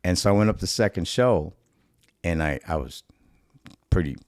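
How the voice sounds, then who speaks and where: A middle-aged man from Chicago, a comedian, tells a story casually on a podcast. He has a very deep, low voice. He swears freely and acts out the people in his story, recorded close and dry with no room sound. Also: lively intonation, moderate pace, darkish tone, no echo. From Chicago, USA. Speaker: stand-up comedian guest.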